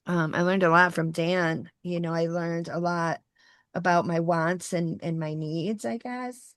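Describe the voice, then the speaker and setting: A young woman co-hosting a podcast recounts a personal story in casual slang, swearing freely and calling people dude. Her voice is fairly low, steady, smooth, and unhurried, with studio-quality sound and no room noise.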